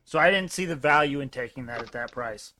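A man's voice: medium pitch, lively intonation, fairly quick, pushed and bright. A man co-hosting a podcast in a laid-back, hesitant way, chatting casually about hockey and betting. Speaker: podcast co-host. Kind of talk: casual sports betting chat.

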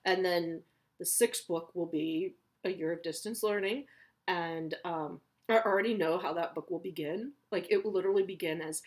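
A woman's voice: lowish voice, moderate pace, darkish tone. A woman, chatting candidly and swearing freely about her kids and her writing. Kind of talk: casual personal chat.

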